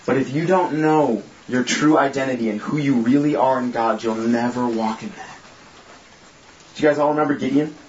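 Speaking at normal speed in a slightly mellow mid-range voice, this group leader and preacher mixes jokes with earnest preaching in an informal sermon and prayer for a small group. The echoey room gives a slightly dull sound, with a faint hiss or hum underneath.

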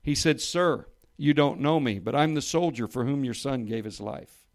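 A man preaching to a room of listeners, reading a story aloud and raising his voice for the quoted lines, then dropping low and soft for emphasis. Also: normal speed. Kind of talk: sermon with a read-aloud story. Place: church or meeting room with listeners.

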